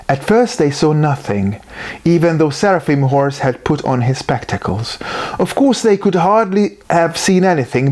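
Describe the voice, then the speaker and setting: A storyteller reading a children's story aloud in an animated, unhurried way. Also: mid-range voice.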